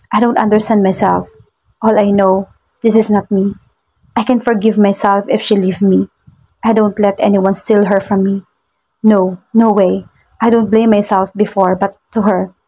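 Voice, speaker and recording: A woman with a Filipino accent reading a first-person romance story in a soft narrating voice. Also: mid-range voice. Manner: soft, husky narration mixing Tagalog and English.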